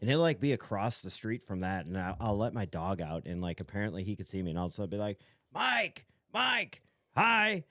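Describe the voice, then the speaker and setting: A middle-aged man co-hosting a casual podcast, telling a story and jumping up high when he quotes others. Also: fast, few pauses, dry recording. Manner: animated, jumps high when quoting. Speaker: podcast co-host. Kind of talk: casual chat.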